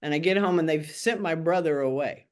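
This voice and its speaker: A bit quick and a little mellow, her deep voice carries this older Tennessee woman's candid life story. She tells it frankly and wryly for an oral history interview, mimicking the people she quotes.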